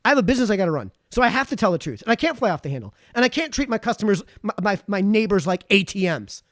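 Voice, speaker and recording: A man hosting a live stream, chatting casually and reading out viewer comments in a rambling, animated way, his throat sore after hours of talking. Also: high-pitched, very fast, no echo. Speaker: livestream host.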